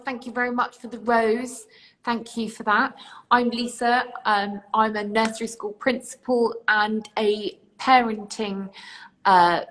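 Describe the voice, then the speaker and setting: A woman's voice: medium pitch, fairly bright tone. A British woman from near London hosting a live online interview, reassuring and chatty, thanking viewers by name. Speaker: host.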